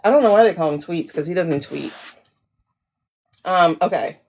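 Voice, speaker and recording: Woman, livestream host, chatty and familiar, gravelly voice, lively pitch, dull lo-fi sound. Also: normal speed. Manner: chatty, greets viewers by name, drawls "girl" and "child". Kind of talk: casual livestream chat. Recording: lo-fi downloaded livestream audio.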